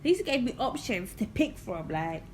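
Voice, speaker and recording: A young woman vlogger telling a personal story in an animated, expressive way, laughing often. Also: mid-range voice, normal speed, slight background noise. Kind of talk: storytime vlog.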